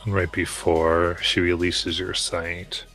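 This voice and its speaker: Game master narrator: a man, low and steady, keeping an even tone. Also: soft background music. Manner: measured, descriptive scene-setting.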